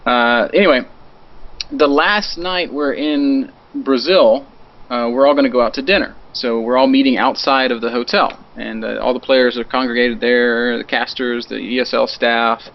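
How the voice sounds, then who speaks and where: Male podcast panelist, gravelly, casual storyteller, muffled audio. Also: mid-range voice, normal speed. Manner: animated, acts out quoted voices. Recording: dull lo-fi audio.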